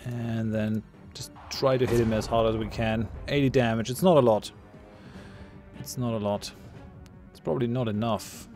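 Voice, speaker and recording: A man's voice: medium pitch, fairly even intonation, moderate pace, a little mellow, faint music behind. A man giving casual commentary while he plays a game, thinking aloud, muttering and laughing at his own jokes. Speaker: gamer playing a ship combat game.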